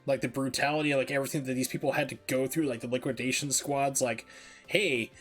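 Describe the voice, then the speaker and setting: A man's voice: medium pitch, flat delivery, quick pace, faint music behind. A man streaming a speedrun, chatting casually and rambling with lots of fillers. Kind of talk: casual chat while gaming.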